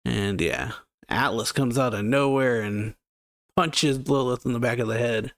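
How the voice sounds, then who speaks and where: A man's voice: mid-range voice, lively intonation, a little slow, no room sound. A man casually recapping a manga chapter as a reaction channel host, rambling with many fillers.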